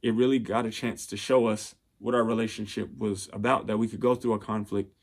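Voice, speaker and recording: A man's voice: fairly low pitch, little pitch movement, fairly quick. Earnest man giving heartfelt relationship advice. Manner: earnest and heartfelt, many restarts and fillers. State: getting emotional. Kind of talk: personal motivational monologue.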